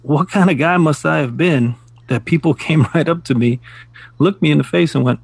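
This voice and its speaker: Gravelly, husky middle-aged man musing. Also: on the high side, dry recording. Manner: reflective, measured storyteller who laughs at his own jokes. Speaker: podcast co-host. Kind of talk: casual chat.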